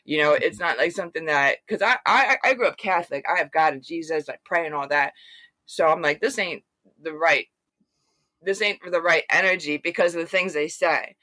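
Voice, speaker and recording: Bright-voiced woman telling a rambling story. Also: low voice, normal speed, dry recording. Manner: rambling, animated retelling with many fillers. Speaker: interview guest. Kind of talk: casual storytelling.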